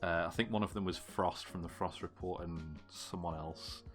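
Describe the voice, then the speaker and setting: A man from the UK co-hosting a podcast in casual chat, with a dry manner, his sentences trailing off quietly. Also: deep voice, fairly even intonation, moderate pace, faint music behind. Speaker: podcast co-host.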